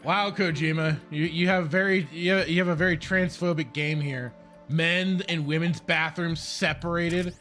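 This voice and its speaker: A man's voice: a little high, steady tone, moderate pace, sharp tone, soft background music. A man streaming a video game, making sarcastic jokes and talking to his chat as he plays. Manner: joking, sarcastic, talks to chat. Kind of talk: let's-play commentary.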